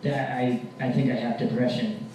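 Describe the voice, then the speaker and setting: A young man doing a stand-up comedy set, telling rambling deadpan stories with mock-angry rants. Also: medium pitch, moderate pace. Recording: very echoey room, distant mic, faint hiss.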